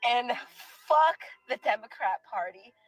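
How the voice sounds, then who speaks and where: Angry high-voiced woman ranting in car. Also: expressive, unhurried, rough recording. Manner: angry, emotional, profane. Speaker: social media poster. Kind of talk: emotional rant to a phone. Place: in her car. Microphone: phone.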